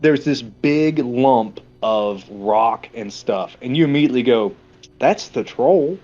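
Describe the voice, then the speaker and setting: A man's voice: mid-range voice, unhurried. Man crudely retelling a movie, lo-fi. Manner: crude, jokey, animated retelling of scenes. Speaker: podcast co-host. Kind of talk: casual movie review chat.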